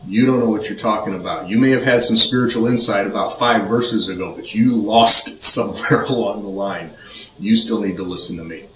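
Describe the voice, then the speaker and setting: A man voicing a stern male teacher who rebukes a follower bluntly and briskly. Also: fairly low pitch, a bit bright, close to an everyday voice. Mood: rebuking. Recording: roomy, distant mic, faint ambience.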